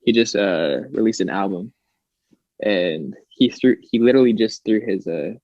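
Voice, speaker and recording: A young man with a light Southern American twang and a fairly low voice talks loosely, stringing thoughts together with "like" and restarts. The sound is dry and a bit dull, as on a cheap podcast mic. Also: moderate pace, a little mellow, dry recording. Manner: rambling, many fillers and restarts. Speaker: podcast co-host. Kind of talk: casual chat.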